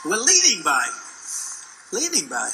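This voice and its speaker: A man in his seventies with a high, piercing, very bright voice, speaking off the cuff to a rally crowd. He rambles from one tangent to the next, boasting and mocking, and a faint noise hums underneath. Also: huge pitch swings, a little slow, low-quality recording. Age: 70s. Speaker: political candidate addressing a rally. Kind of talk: off-the-cuff campaign rally speech. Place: rally venue before a live audience.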